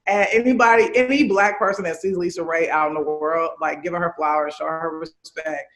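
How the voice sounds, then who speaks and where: A woman in her thirties, raised in Chicago, speaks as a guest in a relaxed interview. Her voice is bright and forceful, and she talks with open, animated candor, swearing without a second thought. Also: low voice, brisk. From Chicago, USA. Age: 30s. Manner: candid, animated, swears freely. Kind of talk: casual interview chat.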